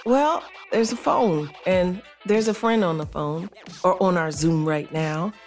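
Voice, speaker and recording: A woman's voice: lowish voice, unhurried, a little mellow, soft background music. A woman hosting a podcast, gushing and playful in casual chat with a guest. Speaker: podcast host.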